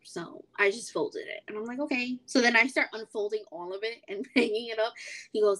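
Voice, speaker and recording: A young woman co-hosting a podcast, chatting casually and acting out quotes in animated stories. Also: a little high, moderate pace. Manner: animated storytelling, acts out quotes. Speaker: podcast co-host. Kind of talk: casual chat.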